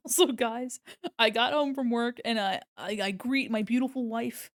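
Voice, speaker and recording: A woman streamer chats casually while she draws, giggly, gushing and affectionate, often breaking into laughter. Her voice is on the high side and her pace measured, in clean studio sound with no room sound.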